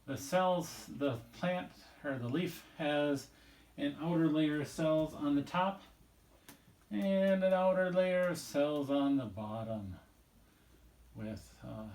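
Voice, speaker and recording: A man's voice: fairly high pitch, measured pace, long pauses, darkish tone, a little hiss or hum. Casual male biology teacher, echoey room. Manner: casual, rambling, drawing while explaining. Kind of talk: recorded video lesson.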